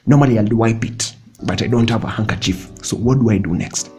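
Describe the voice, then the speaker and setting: A young man talks through self-help tips in a relaxed vlog, his voice low-set and mellow. He keeps it chatty and joking, chuckling at himself as he goes, with soft music playing underneath. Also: fairly quick. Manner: chatty and playful, laughing often, mixing in Swahili slang. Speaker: vlogger. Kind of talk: casual motivational vlog talk.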